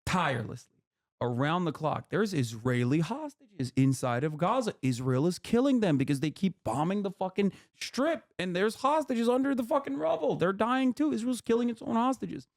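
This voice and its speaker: A male streamer explaining politics in a heated, animated, profane way. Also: sits high, normal speed.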